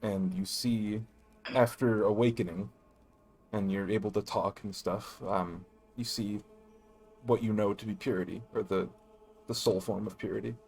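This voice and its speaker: A man's voice: fairly low pitch, steady tone, normal speed, creaky, darkish tone, breathy edge, faint music behind. A man narrating and running a casual tabletop role-playing game as game master, laughing easily.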